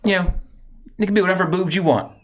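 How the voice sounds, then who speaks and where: This man hosts a laid-back podcast and speaks fast in a high voice. He rambles, backtracks to correct himself, and chuckles often as he sets up a segment.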